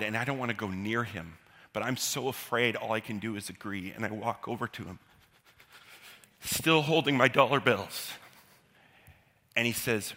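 A man telling a personal childhood story live, animated and self-deprecating, acting out the quotes. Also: medium pitch. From Canada. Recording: long hall reverb.

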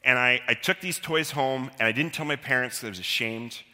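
A man telling a personal childhood story live, animated and self-deprecating, acting out the quotes. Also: mid-range voice, brisk. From Canada. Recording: long hall reverb.

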